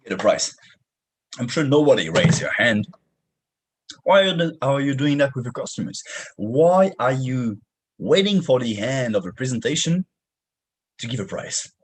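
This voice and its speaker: Young male sales coach with a French accent, husky, lively pitch, energetic. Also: normal speed, pauses often, low-quality recording. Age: young adult. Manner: energetic, punchy, slangy with "man". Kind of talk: motivational sales training talk.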